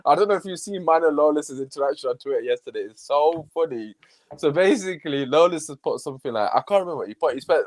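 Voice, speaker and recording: A man hosting a casual podcast chat, animated and mocking rival fans, swearing freely. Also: medium pitch, fast. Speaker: podcast host.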